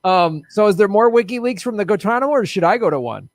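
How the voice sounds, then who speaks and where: A man's voice: high-pitched, expressive, fast, no room sound, studio quality. A man hosting a podcast, chatting loosely and jokily about politics and reading news items aloud. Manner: loose, profane, jokey, reads news aloud. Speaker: podcast host. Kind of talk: casual political chat.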